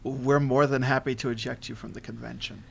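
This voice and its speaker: A man's voice: mid-range voice, fairly even intonation, fairly quick, vocal fry. A man hosting a casual podcast with teasing, laughing banter. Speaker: podcast host.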